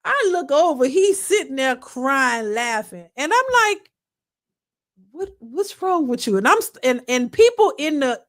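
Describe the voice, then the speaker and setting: A woman hosting a casual live stream, telling a funny story in an animated, colloquial way and answering chat comments. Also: high voice. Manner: animated, laughing, colloquial, swings from loud to hushed.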